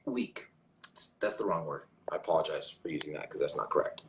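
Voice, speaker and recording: A man's voice: very deep voice, quick pace, reverberant, slight background noise. A man hosting a casual livestream, reading viewer comments aloud in a rambling way with frequent restarts. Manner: rambling, restarts often, reads chat aloud. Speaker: livestream host.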